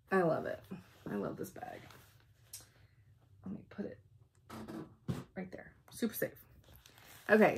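Chatty woman with a gravelly voice. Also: on the low side. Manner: chatty, bubbly, says um a lot. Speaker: flosstube vlogger. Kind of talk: casual chat showing craft supplies. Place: at home.

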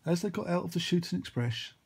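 A man telling a long, rambling made-up story, full of excited sound effects. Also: high-pitched, fast, breathy edge. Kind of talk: improvised storytelling.

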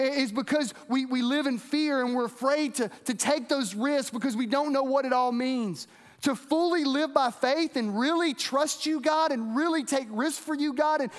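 A man preaching an earnest, conversational sermon as pastor, often repeating himself as he speaks. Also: very high-pitched. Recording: long hall reverb.

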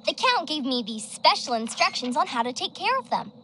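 A woman's voice: high-pitched, very animated, brisk, heavy background noise. A bubbly, spooky-loving cartoon girl. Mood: gleeful. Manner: bubbly, delighted. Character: cheerful confident young girl who loves spooky things. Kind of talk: cartoon voice acting. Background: music.

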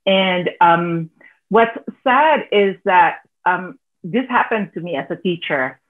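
A woman's voice: on the low side, lively intonation, takes it slowly. Earnest Filipino woman on a tinny line. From Philippines. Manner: earnest, heartfelt, laughs softly while talking. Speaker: teacher, panelist. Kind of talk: panel discussion. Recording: tinny phone-like video call audio.

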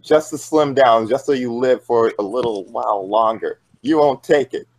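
A man's voice: medium pitch, normal speed, darkish tone, low-quality recording. A young man on a group call, teasing another caller in banter. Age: young adult. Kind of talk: crude trash-talk banter.

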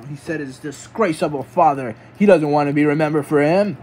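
A man commentating a wrestling video game match, who is jokey and sarcastic between moves and gasps and exclaims loudly when the action picks up. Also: fairly high pitch, a little fast, few pauses, slight background noise. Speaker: play-by-play commentator.

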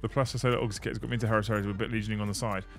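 A man's voice: lowish voice, little pitch movement, very fast. A man hosting a casual livestream, chatting and thanking viewers while building models. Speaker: livestream host. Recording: faint music behind.

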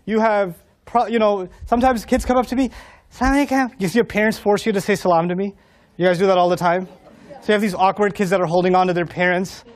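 A man preaching to a live audience in a humorous, animated way, acting out dialogue and laughing often. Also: sits high, quick pace.

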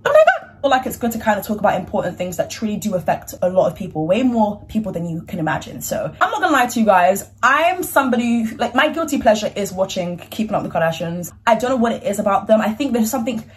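A woman's voice: mid-range voice, animated, quick pace, few pauses. A young woman vlogging in a chatty, slangy, frank way. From United Kingdom. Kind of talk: casual chat.

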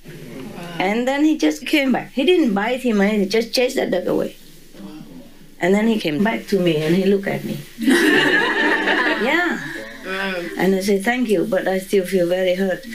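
Lively woman telling an animal story. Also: mid-range voice, unhurried, pauses often, a crowd in the background, rough recording. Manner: laughs often, acts out voices and sounds. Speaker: interviewee.

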